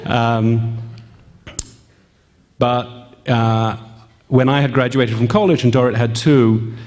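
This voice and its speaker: Man telling a story in a hall. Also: medium pitch. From England. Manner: halting, with frequent ums and gentle self-mocking humor. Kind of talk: personal story told to a live audience. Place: event hall. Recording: long reverb in a hall.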